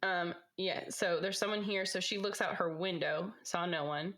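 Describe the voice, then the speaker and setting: Young woman, true-crime podcast co-host, low-ish voice, musing, questioning delivery. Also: normal speed, a bit bright. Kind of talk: casual true-crime chat.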